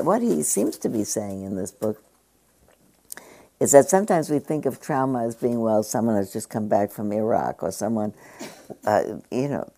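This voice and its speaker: A woman giving a relaxed dharma talk in a very low, gravelly voice. She speaks conversationally, often pausing with fillers as she paraphrases from a book. Her tone is dark and mellow. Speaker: meditation teacher.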